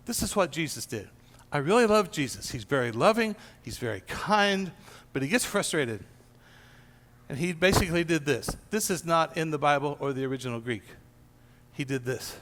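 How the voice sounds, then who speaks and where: A man serving as pastor leads an informal gathering in a church room, telling a Bible story and acting out the quoted lines as he teaches the small group. His voice sits a little high and a bit bright, with big pitch swings and a brisk pace. The recording carries long hall reverb.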